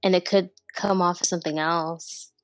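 A young woman in casual chat, speaking hesitantly with halting starts. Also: fairly low pitch, fairly even intonation, no echo, soft background music. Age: young adult. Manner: hesitant, halting, lots of fillers.

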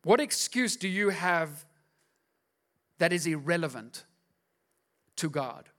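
Male pastor, high voice, emphatic sermon delivery with repeated questions. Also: animated, takes it slowly, a bit bright.

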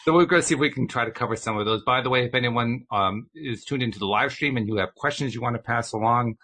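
A man's voice: mid-range voice, quick pace, pushed and bright. A man hosting a talk show, chatting casually and joking at his own expense. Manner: chatty, self-deprecating, with restarts. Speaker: podcast host. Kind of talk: casual chat.

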